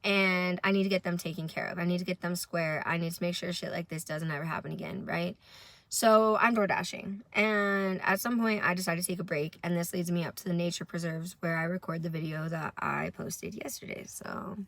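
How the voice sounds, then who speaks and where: A woman's voice: fairly low pitch, steady tone, a little fast, a bit bright, no echo. A young woman, tired from little sleep, telling a rambling, profane story to camera in a casual vlog. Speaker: vlogger.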